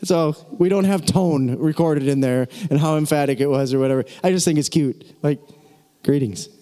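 A man preaching a sermon as a pastor, excitable and jokey, breaking into laughs and conversational asides. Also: fairly high pitch, fairly quick, long reverb tail.

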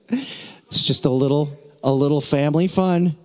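A man preaching a sermon as a pastor, excitable and jokey, breaking into laughs and conversational asides. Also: on the high side, measured pace, long pauses, smooth, long reverb tail.

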